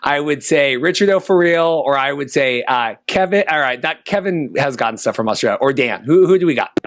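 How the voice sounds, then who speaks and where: A man hosting a podcast, chatting casually, excitable and rambling with lots of restarts. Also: mid-range voice, brisk. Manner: excitable, rambling, repeats himself. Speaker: podcast host.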